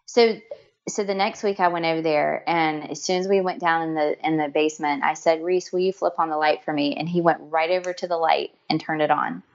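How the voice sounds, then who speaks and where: Earnest lowish-voiced woman telling stories. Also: fairly even intonation, fairly quick, dull audio. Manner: earnest, emotional, many restarts and fillers. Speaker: guest. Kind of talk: storytelling in conversation.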